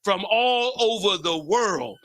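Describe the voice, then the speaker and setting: A man with a very high, sharply bright voice leads a live talk show. He talks with preacherly fervor and calls out to the room with loud, energetic shout-outs. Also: slow pace. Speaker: show host.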